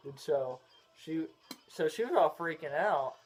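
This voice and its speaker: A man's voice: a little high, normal speed. A young man, telling a story in rambling casual chat as a vlog co-host. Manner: rambling, drawling, with loud bursts of laughter.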